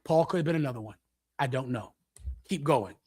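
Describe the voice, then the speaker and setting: A man preaching through scripture verse by verse, repeating his points forcefully and acting out an addict's pleading. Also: mid-range voice, expressive, a little fast, slightly rough, dry recording. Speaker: teacher leading a scripture breakdown.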